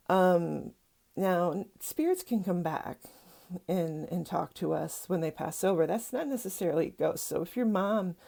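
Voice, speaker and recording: A middle-aged woman talking casually to camera in a low, gravelly voice. She rambles along with fillers and asides, and her tone is dark and slightly husky. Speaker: psychic and spiritual teacher.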